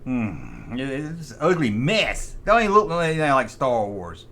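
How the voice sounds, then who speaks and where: A man's voice: mid-range voice, wildly swooping pitch, a little slow, fairly bright tone. A man hosting a casual nostalgic toy review, blunt and wry in his judgments.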